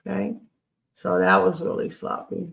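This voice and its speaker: A teacher giving a recorded Hebrew grammar lesson while writing on screen, talking in a halting, patient way and often checking in with the class. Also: medium pitch, big pitch swings, vocal fry, fairly bright tone.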